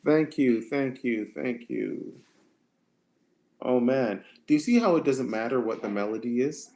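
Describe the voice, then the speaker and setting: A man coaching singers on a livestream, answering chat questions in a relaxed, conversational way that often repeats itself. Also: medium pitch, a little slow. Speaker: vocal coach.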